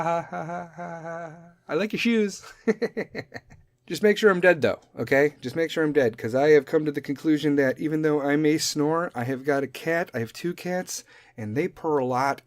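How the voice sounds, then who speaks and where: A man's voice: medium pitch, no echo, clean studio sound. A man hosting a podcast, ranting jokingly in a profane, rambling way about random thoughts. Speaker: podcast host. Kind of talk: solo comedic podcast rant.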